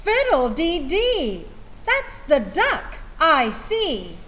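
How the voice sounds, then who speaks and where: A woman voicing a fussy, tidy farm woman who exclaims in a drawn-out singsong. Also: very high-pitched, huge pitch swings, fairly bright tone, voice pushed up, full character voice.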